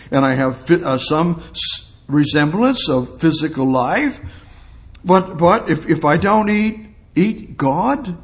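A man teaching a bible study sermon, reading verses aloud and then commenting on them with emphatic repetition. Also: a little high. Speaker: preacher teaching scripture.

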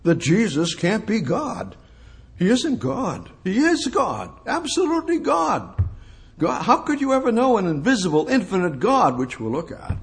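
A preacher with a slightly high voice works through scripture verse by verse. He reads the text slowly and deliberately, then fires off rhetorical questions that leap from quiet asides to emphatic declarations. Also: big pitch swings. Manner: emphatic, rhetorical questions, swings between soft and exclamatory. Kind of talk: expository sermon.

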